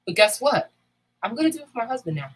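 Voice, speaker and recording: A woman's voice: fairly high pitch, sing-song, fast talker, slightly rough, low-quality recording. A woman in candid casual chat, talking bluntly and emphatically with frequent swearing. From United States.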